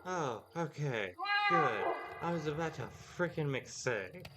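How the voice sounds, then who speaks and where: A man's voice: a little high, lively intonation, unhurried. A man giving casual, rambling commentary to his viewers while he plays a game. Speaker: gaming video creator. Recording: loud background noise.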